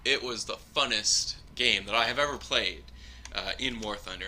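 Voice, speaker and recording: A man giving casual, rambling live commentary over his own gameplay, chuckling often and filling pauses with ums. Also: on the low side, sharp tone, a little hiss or hum.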